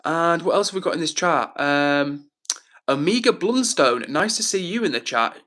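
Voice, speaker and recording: A man's voice: fairly high pitch, expressive, moderate pace, fairly bright tone. A man hosting a livestream, chatting casually and reading out viewers' comments in an upbeat, encouraging way. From England. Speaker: livestream host.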